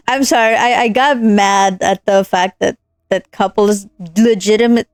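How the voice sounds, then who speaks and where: A woman's voice: mid-range voice, fairly even intonation, unhurried, clear, resonant tone, no room sound. A young woman streaming a story game, ranting earnestly between lines with lots of fillers. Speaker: streamer playing a visual novel. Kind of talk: casual gameplay commentary.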